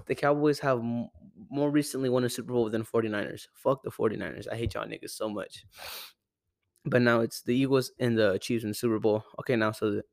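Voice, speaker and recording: A man's voice: medium pitch, no echo, studio quality. A young man from Arizona rambling through a casual, profane sports rant at home, often correcting himself. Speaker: sports podcaster. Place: home room with a cat. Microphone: close desk mic.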